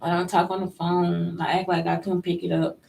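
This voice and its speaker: A woman's voice: on the low side, flat delivery, moderate pace, gravelly, darkish tone, slight background noise, low-quality recording. A woman hosting a casual solo podcast, blunt and profane, firing rhetorical questions straight at her listeners. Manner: talks straight to listeners as "y'all". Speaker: podcast host.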